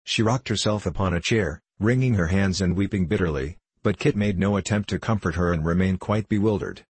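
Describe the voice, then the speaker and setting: A man reading a classic novel aloud as an audiobook narrator, in a steady, measured way. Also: low voice, breathy edge, no echo. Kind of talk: scripted narration.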